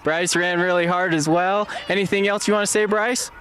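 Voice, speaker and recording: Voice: medium pitch, fairly even intonation, a little fast, background noise. Upbeat school principal interviewing kids outdoors. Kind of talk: post-race interview with children. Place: outdoors in snow at a race finish.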